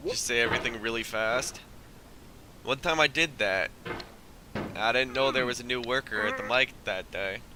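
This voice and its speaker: A man's voice: mid-range voice, normal speed, pauses often, noisy background. A man streaming a video game, rambling through jokey stories and laughing often as he plays. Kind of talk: casual gameplay commentary. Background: game music.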